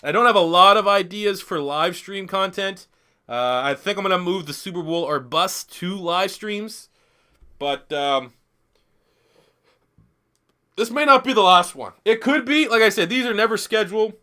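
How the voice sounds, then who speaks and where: A man's voice: high-pitched, moderate pace, pushed and bright. A man in his twenties, a little tipsy from beer, giving rambling, profane, joking commentary while streaming a football video game. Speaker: gaming YouTuber streaming. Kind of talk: casual live-stream commentary.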